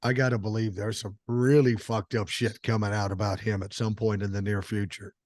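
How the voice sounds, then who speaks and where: A man's voice: on the low side, level tone, fairly quick, darkish tone, no room sound, clean studio sound. An older man hosting a podcast, talking politics in a blunt, emphatic, profane way. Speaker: podcast host. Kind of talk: casual political chat.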